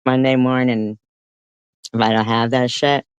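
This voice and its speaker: A woman's voice: rumbling low, level tone, unhurried, clean tone, dry recording, muffled recording. A woman livestreamer ranting angrily at a rival, swearing constantly and confronting her directly. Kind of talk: angry livestream rant.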